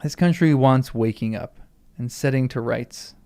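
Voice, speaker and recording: A man's voice: mid-range voice, unhurried, a little mellow, smooth, voice pushed down, natural voice. A man reading aloud as a sneering, threatening ruffian from a novel. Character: menacing mocking ruffian man, squint-eyed bully.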